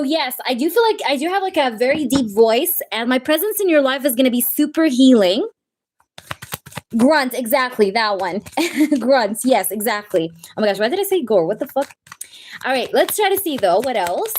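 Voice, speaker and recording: Chatty woman tarot reader on a live stream, fairly high voice, addresses viewers directly. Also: a little mellow, slight background noise. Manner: chatty, talks to chat, speaks as the twin flame in first person.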